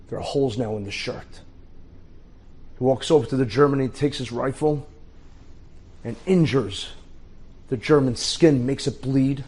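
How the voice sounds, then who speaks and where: A middle-aged man, a rabbi, telling an inspirational story in short, dramatic phrases with pauses. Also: medium pitch, a little mellow, slightly rough.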